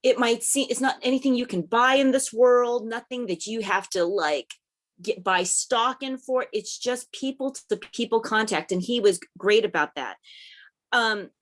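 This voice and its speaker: A woman sharing memories of a late coworker at a community memorial, halting often and restarting her sentences. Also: a little high. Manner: halting, many restarts and fillers, laughing fondly. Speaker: memorial speaker, former coworker. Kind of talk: personal tribute at a memorial.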